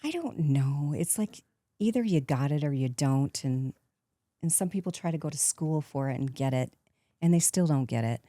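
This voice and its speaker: A woman in her fifties talks through her stories as an interview guest, acting out what others said and breaking into laughs along the way. Her voice sits very low for a woman, with a soft, mellow tone. The sound is dry and close. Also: normal speed, no room sound. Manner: lively storyteller, acts out quotes, laughs often. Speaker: guest, actress turned painter. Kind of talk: casual interview chat.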